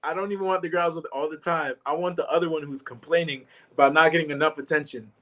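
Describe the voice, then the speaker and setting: A young man talks through a reality show recap in loose, slangy banter, acting out quotes and laughing often. His voice sits a little high for a man. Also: fairly even intonation, quick pace, a bit bright, lo-fi sound. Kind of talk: casual chat.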